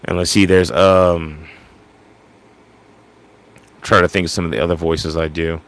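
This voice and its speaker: A man with a Cajun accent talking casually about doing impressions, rambling with lots of halting restarts. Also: low-pitched, level tone, a bit bright. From Louisiana. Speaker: vlogger.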